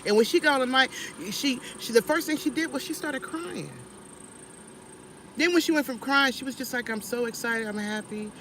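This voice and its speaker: A woman talks in a casual, preachy vlog, animated and sermon-like, often restarting her sentences. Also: high voice, moderate pace, slight background noise. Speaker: vlogger.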